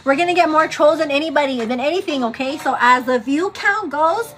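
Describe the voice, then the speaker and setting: A woman's voice: sits high, a little fast, a bit bright. A woman hosting a casual morning livestream, chatty and teasing, laughing often and calling her viewers "girl". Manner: laughs often, teasing then turning earnest. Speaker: livestream host. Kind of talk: casual chat on a morning get-ready livestream.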